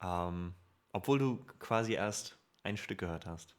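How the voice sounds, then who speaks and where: With a low, clear, resonant voice and a slightly slow delivery, a German-accented man hosts a music livestream. He's a native German speaker who reads out chat casually and cheerfully, laughing often.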